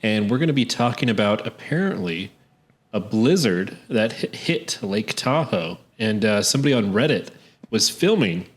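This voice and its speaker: A man with a lowish voice co-hosts a podcast in easy conversation. He talks in a relaxed way, stopping and restarting as he goes. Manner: relaxed, halting with fillers and restarts. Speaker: podcast co-host. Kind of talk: casual podcast chat.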